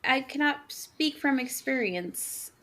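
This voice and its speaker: A woman's voice: sits high, expressive, takes it slowly, sharp tone. A woman co-hosting a podcast, retelling spooky stories in casual chat. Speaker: podcast co-host.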